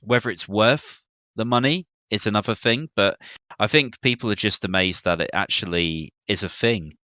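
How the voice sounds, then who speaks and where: A man's voice: lowish voice, moderate pace, pushed and bright, no echo. A British man co-hosting a casual gaming podcast, chatty and a little hesitant, telling stories as he talks. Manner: chatty, hesitant with fillers, storytelling. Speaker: podcast co-host. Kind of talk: casual gaming news chat.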